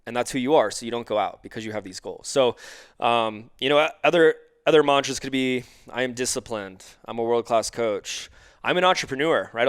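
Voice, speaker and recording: A man's voice: medium pitch, clear, resonant tone, dry recording, studio quality. A man on a podcast as a guest life coach. He explains ideas through examples and acts out the lines of the people he quotes. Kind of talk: conversational podcast interview.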